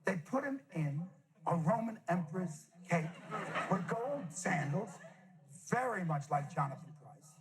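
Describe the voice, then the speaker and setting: A male comedian telling an animated anecdote to a live audience on a televised stage, repeating phrases for emphasis. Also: high-pitched, measured pace, crowd noise, low-quality recording.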